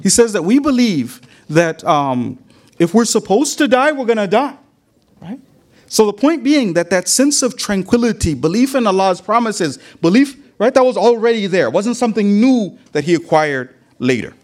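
A man with a high, very lively voice delivers a sermon. He retells a story vividly, acting out the quoted lines, and drops in Arabic religious phrases as he speaks. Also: normal speed. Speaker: religious lecturer.

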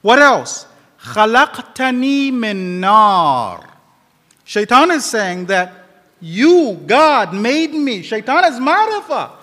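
A man preaching a sermon to a congregation, animated and quoting Arabic scripture. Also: very high-pitched, takes it slowly, big-room sound. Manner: animated, acts out quoted dialogue.

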